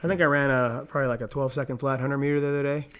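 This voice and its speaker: A man co-hosting a podcast, talking quickly and joking in casual banter. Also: medium pitch, flat delivery, fairly bright tone, clear, resonant tone. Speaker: podcast co-host.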